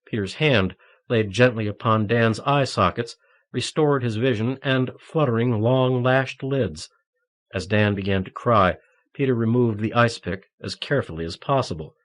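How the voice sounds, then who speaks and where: An audiobook narrator with a mid-range voice reads a novel aloud. His scripted storytelling is measured and even.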